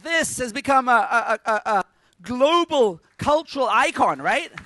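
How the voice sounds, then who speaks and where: A man giving a lively conference talk to a live audience, energetic and joking with punchy asides. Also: extremely high pitch, measured pace, slight background noise. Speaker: conference speaker.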